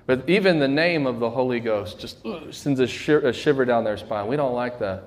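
A young adult man preaching a fervent sermon as pastor, slowing down to stress key lines. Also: medium pitch, lively intonation.

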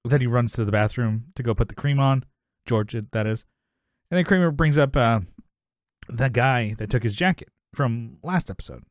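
A man's voice: mid-range voice, expressive, normal speed, dry recording, clean studio sound. A man co-hosting a podcast, recapping a sitcom episode in casual chat, rambling, laughing often and acting out quotes.

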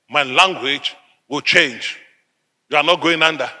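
Male preacher from Africa, middle-aged; tense, sharp and forceful delivery; emphatic repetition; large reverberant hall. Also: fairly high pitch, a little slow. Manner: emphatic, repetitive declarations, sudden loud bursts. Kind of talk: sermon.

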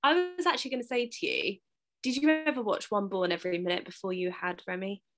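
A woman's voice: mid-range voice, lively intonation, fast. Giggly woman podcast co-host. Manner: giggly, easygoing, self-deprecating. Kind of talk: casual chat.

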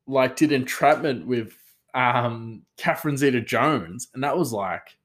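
Weitschweifiger Mann, der frei drauflos plaudert. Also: male voice, medium pitch, normal speed. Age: adult father. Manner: rambling, full of "like" and "um" fillers. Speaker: podcast host. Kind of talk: casual solo rant.

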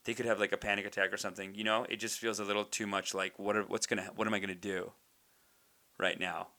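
Bright, animated male comedian. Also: on the low side, fast talker. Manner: animated, riffing, slangy. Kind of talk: stand-up comedy bit.

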